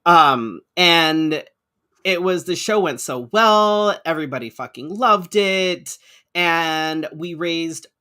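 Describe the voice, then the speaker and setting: A man's voice: fairly high pitch, expressive, slow, bright, forceful tone, clear, resonant tone. A man co-hosting a podcast, chatting casually with frequent restarts and casual swearing. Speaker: co-host. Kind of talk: casual chat.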